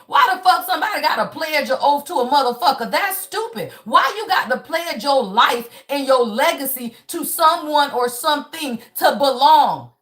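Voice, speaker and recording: Brief: high-voiced woman, blunt, profane tarot reader on a livestream, preachy and repetitive. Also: fairly bright tone. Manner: blunt, profane, preachy, repeats "y'all" and "right?". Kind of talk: live spiritual reading, casual chat.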